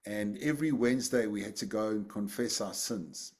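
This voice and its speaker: A man's voice: on the low side, moderate pace. A man leading a casual group session over a video call, rambling and self-deprecating, often repeating his words. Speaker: group facilitator.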